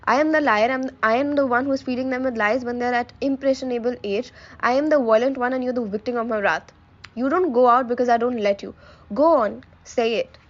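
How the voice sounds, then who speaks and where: A woman's voice: on the high side, steady tone, a little fast, muffled recording, close to an everyday voice. A woman reading the part of a stern father who accuses his wife, in a firm read-aloud manner. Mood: accusing. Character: stern accusing father, middle-aged man.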